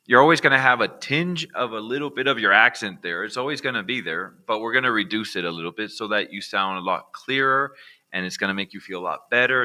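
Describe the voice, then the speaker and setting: An American man teaching accent reduction in a relaxed, conversational way, often checking in with "all right". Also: deep voice. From United States. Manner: casual, repeats "all right" as a check-in with viewers. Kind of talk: recorded online lesson.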